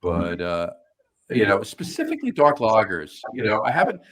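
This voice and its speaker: A man's voice: on the low side, wildly swooping pitch, normal speed, fairly bright tone, slight background noise, poor audio. A man co-hosting a podcast, talking loosely and at length in a casual chat over beers. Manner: loose, rambling list-making. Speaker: podcast co-host.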